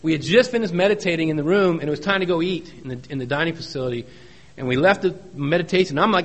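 A middle-aged man shares his recovery story with a meeting, in a folksy, joking way. He leans on repeated phrases for emphasis, and his voice sits a little high for a man. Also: fast, a bit bright. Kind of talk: personal testimony talk.

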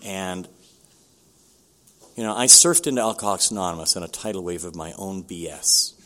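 An older man telling his own recovery story at a meeting, candid and halting, with many restarts. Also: deep voice, pushed and bright.

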